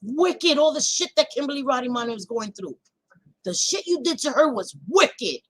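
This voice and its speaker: A woman hosting a livestream, ranting to her chat in a heated, profane casual way that swings between loud outbursts and quieter stretches. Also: sits high, animated, normal speed, poor audio. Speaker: livestream host.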